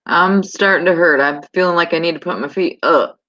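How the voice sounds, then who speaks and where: A woman on a video call, chatting slowly and affectionately, often laughing. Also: fairly low pitch, a bit bright. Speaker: panel guest. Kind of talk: casual chat. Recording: dull lo-fi call audio.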